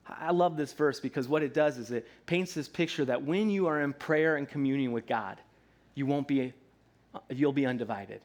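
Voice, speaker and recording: A man, likely in his thirties, preaching a sermon in a church in a relaxed, conversational way, often checking in with "right?" and slipping into playful voices. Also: mid-range voice, moderate pace. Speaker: pastor. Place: church sanctuary.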